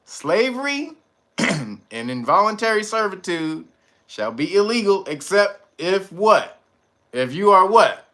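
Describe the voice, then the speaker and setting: A man's voice: high voice, sing-song, takes it slowly, a bit bright. A man hosting a casual livestream, talking in profane street slang, laughing often and answering his viewers' chat. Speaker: livestream host.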